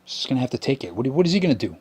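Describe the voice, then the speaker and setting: A man's voice: mid-range voice, sing-song, rapid-fire, a little mellow, breathy edge. A man hosting a podcast, ranting and complaining in a rambling, profane way, full of restarts. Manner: whiny complaining. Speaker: podcast host. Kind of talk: ranting monologue.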